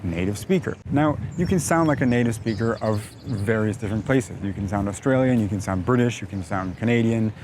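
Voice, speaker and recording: A man with a North American accent, an English coach explaining pronunciation in a measured, emphatic teaching manner. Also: lowish voice, background noise. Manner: measured, emphatic teaching delivery with frequent "now". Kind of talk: explanatory video lesson.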